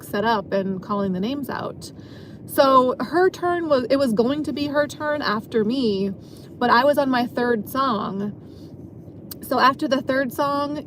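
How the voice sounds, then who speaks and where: Woman, slightly high voice, casual vlog storytelling, rambling, lots of "like". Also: slight background noise. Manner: rambling, filler-heavy, frequent "like". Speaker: club dancer telling a work story.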